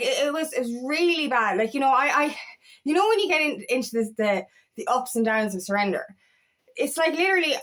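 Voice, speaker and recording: A woman's voice: sits high, fairly bright tone. A woman coach talking candidly and emphatically, swearing and restarting her sentences in a casual monologue. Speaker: feminine empowerment coach.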